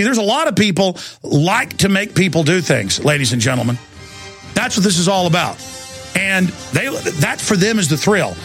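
A man's voice: high-pitched, a bit bright. A middle-aged man hosting a talk radio show, ranting heatedly and often stammering and repeating his words.

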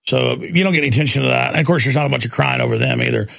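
A man's voice: medium pitch, rapid-fire, gravelly, fairly bright tone, dry recording. A man hosting a talk radio show, ranting in an impassioned, sarcastic monologue from a studio.

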